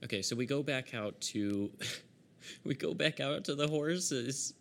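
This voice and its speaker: A man's voice: medium pitch, animated, slow, gravelly, fairly bright tone. A man narrating as game master of a tabletop game, laughing often as he describes the scenes.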